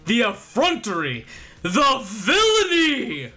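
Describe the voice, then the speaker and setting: A streamer voicing a pompous, bombastic male politician from a video game, speaking in booming theatrical oratory. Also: huge pitch swings, takes it slowly, pushed and bright, faint music behind, full character voice. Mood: outraged. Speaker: streamer reading a game aloud.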